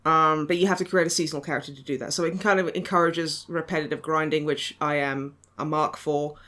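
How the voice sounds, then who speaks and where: Podcast host, woman, bright and crisp voice, sardonic and giggly, swears freely. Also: low-pitched, fairly even intonation, fairly quick. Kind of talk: casual chat.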